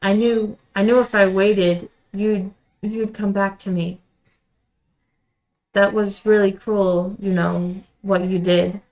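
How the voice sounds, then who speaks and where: A woman voicing a clingy, eerily devoted young woman in a visual novel, speaking tearfully and haltingly with stammered restarts. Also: medium pitch, steady tone, darkish tone. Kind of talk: reading a visual novel aloud.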